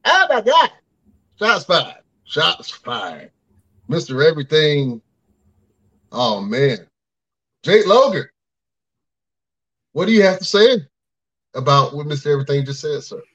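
A man hosts a wrestling podcast with a lively, swinging pitch. He hands the floor to guests and reacts with excitable hype. His voice sits a little above average. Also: unhurried, long pauses, muffled recording. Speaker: podcast host. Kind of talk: casual podcast hosting.

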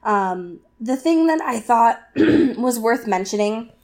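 A woman co-hosting a casual podcast, recapping a novel chapter with lots of fillers and quick asides. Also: on the high side, animated, darkish tone. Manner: chatty, filler-heavy, acts out characters in quick asides. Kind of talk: casual chat.

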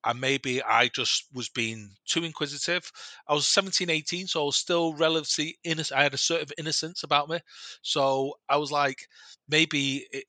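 Brief: man, podcast guest, rambling storyteller, sharp bright tone, dry close sound. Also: on the high side, normal speed, no room sound. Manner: rambling, many restarts and self-corrections; animated retelling with quoted dialogue. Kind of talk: casual storytelling.

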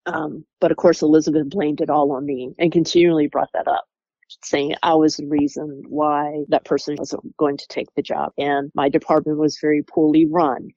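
A former employee telling a candid, animated story about workplace conflict and acting out coworkers' words. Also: mid-range voice, normal speed, no room sound, lo-fi sound. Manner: animated, acts out quoted coworkers.

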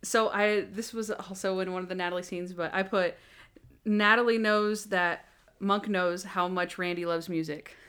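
Animated woman recapping a TV episode. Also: mid-range voice, moderate pace, smooth. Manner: animated, acts out scenes in quoted voices. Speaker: podcast co-host. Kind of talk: casual chat recapping a TV episode.

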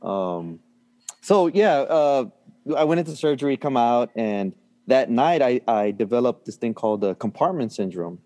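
A man's voice: medium pitch, lively intonation, normal speed, warm tone. A middle-aged man telling a story in a casual chat, full of fillers and restarts, often laughing. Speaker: guest.

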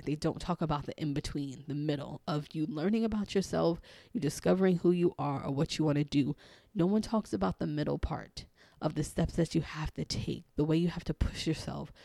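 Female podcast host and coach, raspy and hoarse, earnest, thinks aloud, dry booth-like sound. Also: low voice, dark tone, dry recording. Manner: earnest, encouraging, thinking aloud with many "um"s and restarts. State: hoarse, partly lost voice. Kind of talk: reflective solo podcast monologue.

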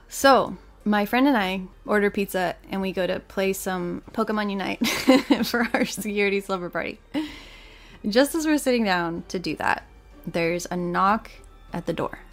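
A young woman tells a story on her podcast, casual and lively, laughing often and slipping into the voices of the people she quotes. Her pitch sits in the middle of the usual range for a woman. Faint music plays behind her. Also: moderate pace. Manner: animated, laughs often, acts out quoted dialogue. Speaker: podcast host telling a story.

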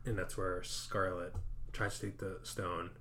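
A man co-hosting a podcast, casually recapping a horror film in animated storytelling that acts out quotes. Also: deep voice, measured pace, slight background noise. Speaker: podcast co-host.

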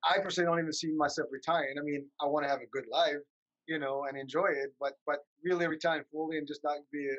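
A man's voice: fairly high pitch, steady tone, fast, fairly bright tone, lo-fi sound. A man hosting a podcast, upbeat and talkative, asking long rambling questions. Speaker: podcast host. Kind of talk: casual interview chat.

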